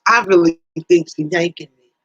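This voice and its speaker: A woman's voice: on the low side, moderate pace, fairly bright tone, breathy edge, dry recording, lo-fi sound. A woman hosting a casual livestream, talking animatedly with viewers, teasing them by name and exclaiming often. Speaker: livestream host.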